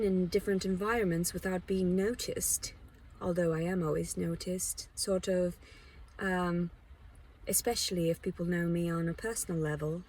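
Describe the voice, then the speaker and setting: Rambling, husky-voiced woman vlogger. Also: mid-range voice, far from the mic. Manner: meandering, restarts often, blunt and frank. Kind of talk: rambling personal monologue.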